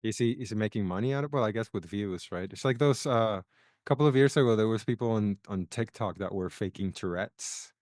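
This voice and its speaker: A man's voice: fairly low pitch, fairly quick, a little mellow, no room sound, clean studio sound. A man co-hosting a podcast in casual chat, loose and laughing, swearing freely. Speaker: podcast co-host.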